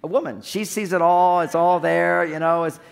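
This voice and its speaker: A man's voice: high-pitched, fairly even intonation, moderate pace, gravelly, clean tone. A man giving a humorous seminar talk on relationships, acting out little scenes as he goes. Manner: joking, acts out little scenes. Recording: long hall reverb.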